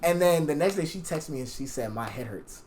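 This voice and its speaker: A young man, a podcast guest, telling a story in casual chat, profane and animated, acting out the lines he quotes. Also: a little high, a little fast. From Jamaican.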